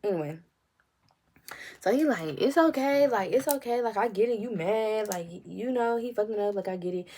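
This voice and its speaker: Animated young woman telling a story. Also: medium pitch, normal speed. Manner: animated, acts out quotes, frequent swearing. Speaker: storytime vlogger. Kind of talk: casual storytime.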